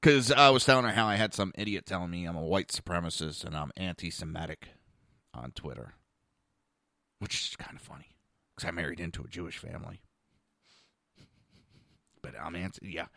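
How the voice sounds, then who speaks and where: A man's voice: sits low, animated, fairly quick, long pauses, sharp tone, no echo, clean studio sound. Blunt, profane ranting man. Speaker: podcast host. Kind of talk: ranting political commentary.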